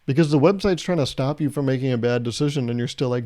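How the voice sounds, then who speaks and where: A man's voice: mid-range voice, fast, a little mellow. A young man hosting a solo podcast, talking in a loose, rambling, jokey way and chuckling at his own bits. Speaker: podcast host.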